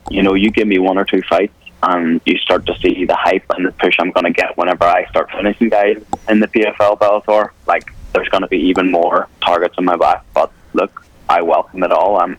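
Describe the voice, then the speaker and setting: Over a low-quality phone line, a low-pitched young man with a Northern Irish accent, an MMA fighter from Northern Ireland, takes questions on talk radio. He's blunt and confident, dropping swear words casually.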